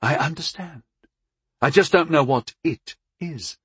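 A man voicing a thoughtful female goddess of fire who speaks in a soft, questioning way. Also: sits low, a little slow, slightly rough, dry recording, pitched above the performer's own voice, full character voice. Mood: musing.

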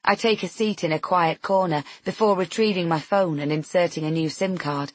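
A woman's voice: on the low side, normal speed, no echo. A woman narrating a novel in first person, tense and introspective. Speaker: audiobook narrator.

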